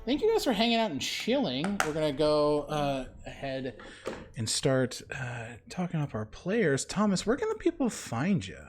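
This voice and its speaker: A man running a tabletop role-playing game as game master, casual and swearing when excited. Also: a little high, normal speed, soft background music.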